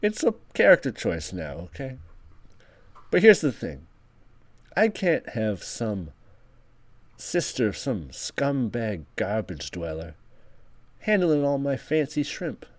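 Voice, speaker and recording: A man's voice: medium pitch, big pitch swings, slow pace, long pauses, no room sound. A man improvising a scheming casino boss in a tabletop role-play, talking bluntly in rambling bursts with self-mocking asides. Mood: bossy.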